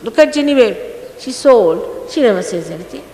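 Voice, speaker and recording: Woman spiritual teacher, lively stern delivery, archive hall recording with long reverb. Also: on the high side, fairly quick. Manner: stern and admonishing, emphatic. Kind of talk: scolding spiritual talk to followers. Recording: echoey archive recording from a hall, faint noise.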